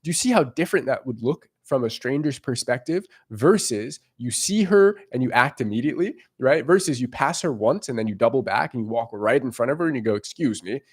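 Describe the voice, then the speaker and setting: A man's voice: mid-range voice, lively intonation, brisk, few pauses, breathy edge. A man giving dating advice in a casual, emphatic monologue. He swears freely, keeps checking in with "right?", and acts out what strangers might be thinking. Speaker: dating coach.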